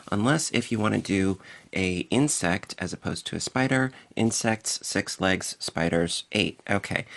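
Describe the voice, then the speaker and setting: A man's voice: on the low side, creaky, fairly bright tone. A man hosting a casual crochet tutorial, talking playfully to his viewers while he demonstrates each step.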